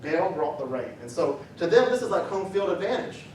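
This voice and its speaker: Animated preacher in an echoey church. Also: male voice, high voice, brisk, a little hiss or hum. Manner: animated, acts out the story with raised voice for quotes. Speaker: pastor. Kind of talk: sermon. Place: church sanctuary. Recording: echoey church sanctuary, mic at a distance.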